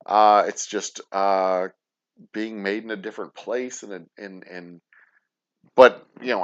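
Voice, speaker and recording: A man with a lowish voice hosts a casual livestream chat. He rambles, swears often and downplays his own opinions. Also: fairly bright tone, lo-fi sound. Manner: rambling, profane, self-deprecating. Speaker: distillery show host.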